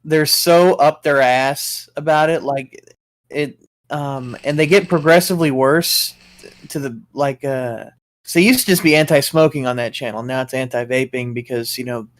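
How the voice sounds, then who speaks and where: A man's voice: medium pitch, normal speed, no echo. A man co-hosting a casual talk show, ranting in a rambling, profane way. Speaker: co-host. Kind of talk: casual chat.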